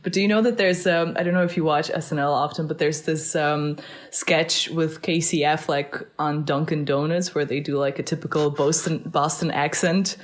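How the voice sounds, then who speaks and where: A woman's voice: deep voice, steady tone, moderate pace. A woman chatting casually as a podcast guest, talking freely, with many fillers and frequent laughs. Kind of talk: casual chat.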